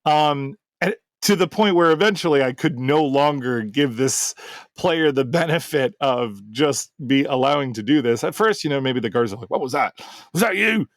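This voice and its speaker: With a medium-pitched voice at normal speed, recorded in studio quality with no room sound, a man who hosts a podcast and runs tabletop games tells a story from a session. He rambles casually, full of fillers and restarts.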